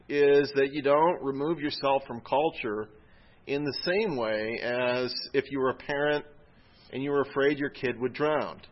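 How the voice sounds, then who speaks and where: A man delivers a sermon in a relaxed, conversational way, often asking his listeners rhetorical questions. His voice sits in a middle pitch and lifts with emphasis when he quotes scripture. The recording sounds a little dull and lo-fi. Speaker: preacher. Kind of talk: sermon teaching.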